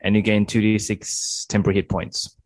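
A man's voice: on the low side, little pitch movement, fairly quick, breathy edge. A man playing a tabletop game, talking casually about his moves. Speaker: player.

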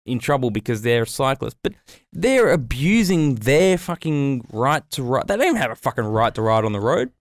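A man co-hosting a podcast, ranting and swearing as he tells his story. His voice sits at a middle pitch. The sound is dry and close, with no room in it. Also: big pitch swings, normal speed, hardly any pauses, no echo. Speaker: podcast co-host. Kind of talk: casual chat.

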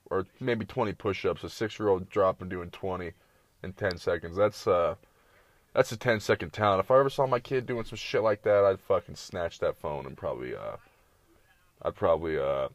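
A man's voice: deep voice, no echo. A man giving casual, rambling reaction commentary, full of profanity and slang. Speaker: streamer reacting to videos.

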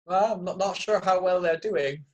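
A man's voice: high-pitched, normal speed, darkish tone, muffled recording. A man co-hosting a podcast in a playful, teasing way, with a mixed Canadian and English accent, on a studio microphone. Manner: playful, teasing, self-mocking. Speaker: podcast co-host. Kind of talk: casual chat.

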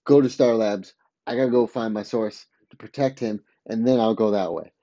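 A man's voice: lowish voice, moderate pace, mellow, dry recording, lo-fi sound. A man casually recapping a TV episode, rambling with many fillers and quoting the characters' lines. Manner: rambling, filler-heavy retelling with quoted dialogue.

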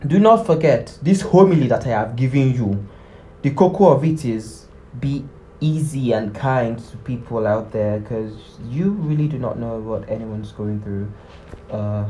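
Slow, soft-spoken man. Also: slight background noise, rough recording. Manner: soft, low-key and reflective, with bits of Pidgin slang. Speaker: podcast host. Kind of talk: casual solo monologue.

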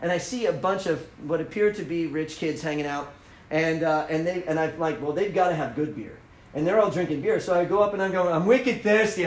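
A man telling a story in a casual talk, animated, often laughing and acting out the lines he quotes. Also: a little high, echoey room, a little hiss or hum, low-quality recording. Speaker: speaker telling a running story.

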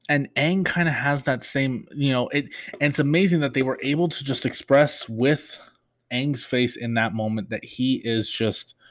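A man's voice: medium pitch, no echo. A young man hosting a podcast, chatting through an episode recap with many fillers and restarts, openly emotional. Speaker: podcast host.

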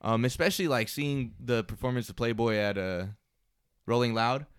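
A man co-hosts a podcast in loose, profane banter. His voice is smooth and clear, recorded dry and close. He tells stories with energy and slips into voices to mimic people. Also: mid-range voice, normal speed, no room sound. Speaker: podcast co-host. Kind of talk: casual chat.

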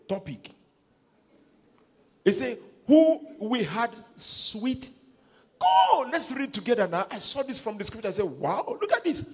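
Nigerian male pastor, sermon, animated delivery, slightly high voice, soft music under. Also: a little slow, breathy edge. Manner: leads group reading, retells counselling story. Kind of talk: sermon with congregational scripture reading.

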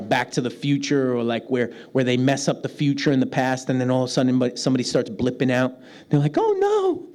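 A man with a New York accent, a pastor preaching a lively sermon, often laughing and acting out the voices of people he quotes. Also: medium pitch. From New York City, United States.

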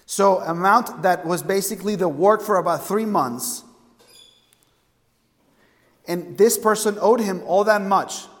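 A man's voice: high voice, measured pace, pauses often, long reverb tail. A man preaching a sermon, emphatic and fond of asking his listeners questions. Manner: emphatic, asks the congregation questions.

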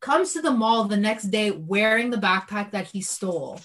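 A young woman from Canada telling a story in casual chat, animated and full of fillers. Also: medium pitch, normal speed, poor audio.

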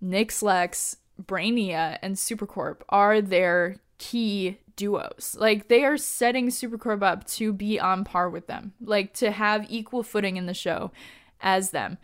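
Woman, casual fan recap, gushing and excitable, chatty with fillers. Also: mid-range voice, slow. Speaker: TV episode recapper.

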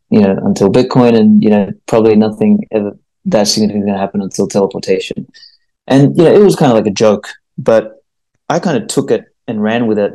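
A man's voice: fairly low pitch, darkish tone, rough recording. A man with an Australian accent, a guest on a podcast, talking through ideas in a thoughtful, rambling way. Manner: rambling, thoughtful, with many fillers and restarts. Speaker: guest author. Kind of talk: casual podcast interview.

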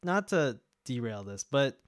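A man's voice: mid-range voice, sing-song, a little slow, dry recording, studio quality. A man co-hosting a music podcast in casual chat, rambling with many fillers and self-interrupting asides. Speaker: podcast co-host.

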